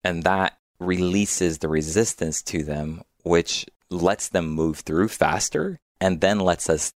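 A man with a very low voice talks calmly in a reflective conversation. He explains ideas patiently and acts out little inner voices as examples. The sound is dry and close. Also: slow pace, no echo. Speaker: guest speaker on emotions.

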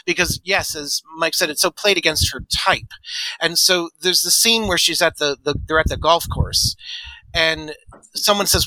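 A man's voice: a little high, normal speed, pushed and bright, dry recording, poor audio. A man on a movie podcast panel, talking casually and rambling with many restarts. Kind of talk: casual chat.

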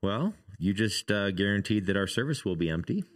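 A man's voice: on the low side, sing-song, brisk. A man co-hosting a church podcast, opening the episode and chatting in an upbeat, joking way. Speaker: podcast co-host. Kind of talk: casual chat.

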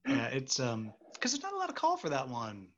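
A man's voice: mid-range voice, wildly swooping pitch, fairly quick, a bit bright, dull audio. A man and stage actor hosting a casual interview, rambling and joking. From United States. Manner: chatty, rambling, jokey.

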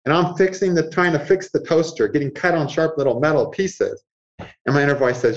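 Animated man explaining astrology, muffled sound. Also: fairly high pitch, a little fast. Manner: acts out inner voices, chuckles often. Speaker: astrologer guest.

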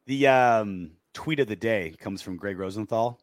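A man's voice: on the low side, measured pace, dry recording, studio quality. A man co-hosting a casual post-game sports show, sarcastic and reading out listener comments. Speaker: podcast co-host.

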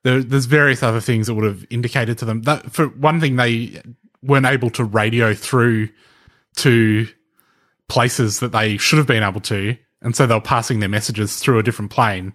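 A man with a medium-pitched, fairly bright voice co-hosts a podcast, presenting the research by casually explaining a story to his co-host. His intonation is fairly even and his pace moderate as he thinks aloud, restarting sentences and laughing lightly.

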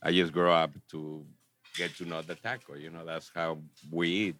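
A man, a restaurant owner, explaining his food earnestly and haltingly, with many fillers. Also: sits low, flat delivery, a bit bright, slight background noise. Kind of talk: casual chat.

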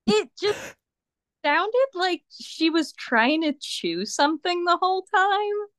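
A woman guest on a podcast, chatting casually in an unhurried way and laughing often. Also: very high-pitched, sing-song, a bit bright, no room sound, studio quality. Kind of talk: casual chat.

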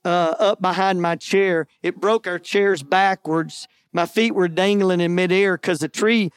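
A man's voice: sits high, fairly even intonation, unhurried, clear, resonant tone, no room sound, studio quality. A man preaching, telling a personal testimony earnestly with self-deprecating jokes. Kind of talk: sermon testimony storytelling.

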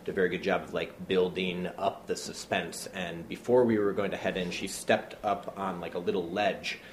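Male storyteller, lowish voice, casual and rambling, roomy room tone with light hiss. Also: moderate pace. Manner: animated anecdote-teller, many fillers, acts out quotes. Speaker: playwright and actor, guest. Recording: roomy with faint background noise.

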